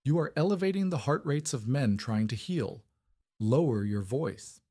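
A man voicing a blunt, coldly clinical woman surgeon who speaks flatly and quietly in a storybook reading. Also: medium pitch, moderate pace, slightly rough, no room sound, pitched above the performer's own voice. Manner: flat, clinical, murmured. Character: blunt, cold female field surgeon.

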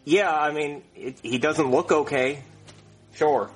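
A man voicing a lazy, rude doctor who talks in a dismissive deadpan. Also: on the high side, takes it slowly, breathy edge, soft background music.

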